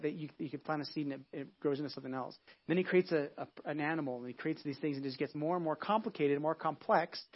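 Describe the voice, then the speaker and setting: Man preaching a casual sermon, lo-fi. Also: fairly high pitch. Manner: conversational, frequent "right?" and restarts. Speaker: pastor. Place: church sanctuary.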